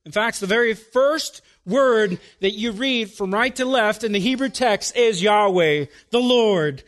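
A pastor preaching a sermon, putting emphatic rhetorical questions to his congregation and dropping to quiet, slow phrases before building again. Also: sits high.

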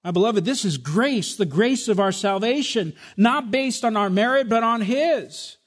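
A preaching pastor of Spanish heritage, this man has a high-sitting, animated voice and keeps a measured pace. He fires off emphatic rhetorical questions and calls his congregation "my beloved."

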